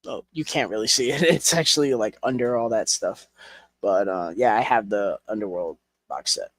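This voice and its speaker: A man's voice: lowish voice, normal speed, no room sound. A young man chatting casually as a collection reviewer, rambling with fillers and frank swearing. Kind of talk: casual chat.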